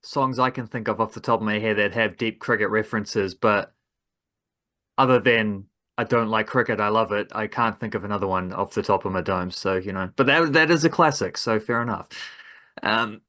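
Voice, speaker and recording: Co-host, man, bright tone, relaxed and easygoing delivery. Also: on the low side, normal speed. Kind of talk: casual sports podcast chat.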